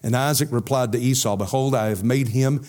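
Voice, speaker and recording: A man's voice: medium pitch, brisk, a little mellow. A man preaching an expository sermon, explaining scripture verse by verse and often restarting his phrases.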